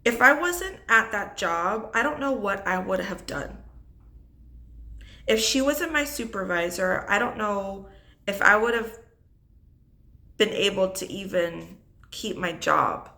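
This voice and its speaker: A woman's voice: mid-range voice, expressive, takes it slowly, long pauses, sharp tone. A young adult woman telling an unscripted personal story about her divorce, reflective and holding back tears. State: tearful. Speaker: single mother vlogger.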